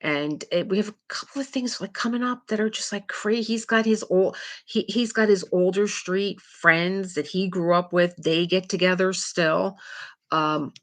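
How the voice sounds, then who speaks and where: A middle-aged woman hosting a casual live chat, talking in a chatty, rambling way with quick asides. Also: medium pitch. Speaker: livestream host.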